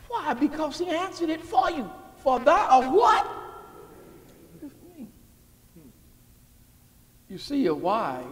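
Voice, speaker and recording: A man preaching a sermon as pastor, calling out questions to the congregation and building to shouts. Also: high voice, creaky. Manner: call-and-response preaching, rising to shouts. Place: church sanctuary. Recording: long hall reverb.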